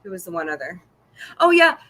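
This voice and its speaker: A woman's voice: fairly low pitch, very animated, a little fast, fairly bright tone. A middle-aged woman from Missouri hosting a casual livestream chat, talking freely, laughing often and answering viewer comments. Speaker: podcast host.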